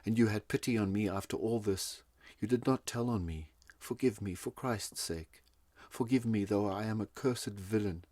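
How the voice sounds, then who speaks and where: A man's voice: fairly low pitch, normal speed, mellow, no echo, pitched above the performer's own voice, lightly acted. A man reading a story, voicing a remorseful male convict who pleads for forgiveness. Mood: pleading. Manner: pleading, broken.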